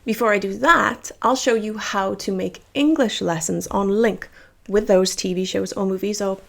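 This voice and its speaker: Welsh woman, English teacher, cheerful chatty delivery, gravelly voice. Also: mid-range voice, moderate pace. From Wales. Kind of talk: scripted lesson to camera.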